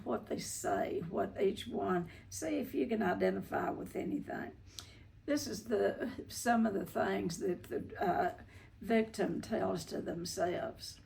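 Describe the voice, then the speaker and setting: An older woman hosting a recovery talk, teaching about codependency in a slow, folksy way over a video call. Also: medium pitch, gravelly, darkish tone. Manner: slow, folksy, repeats herself.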